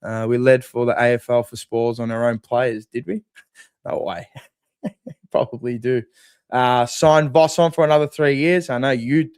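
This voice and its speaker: A man's voice: medium pitch, steady tone, unhurried, a little mellow, clean tone, no room sound, studio quality. An Australian man hosting a live post-game fan stream, reading chat and bringing in callers with blunt, profane, sarcastic banter. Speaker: fan channel host.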